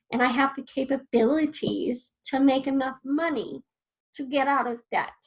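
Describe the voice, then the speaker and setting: Slow, high-voiced woman coaching. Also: a bit bright, muffled recording. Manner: earnest, personal, repeats key phrases; writes notes on a board while talking. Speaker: coach teaching a class. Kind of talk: casual spoken lesson.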